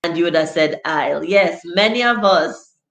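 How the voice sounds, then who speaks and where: Chatty Jamaican woman, slow and low. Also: vocal fry, fairly bright tone. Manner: chatty, laughs often, reads viewer comments aloud. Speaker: teacher hosting a live stream. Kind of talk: casual live-stream lesson, reading chat aloud. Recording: echoey room.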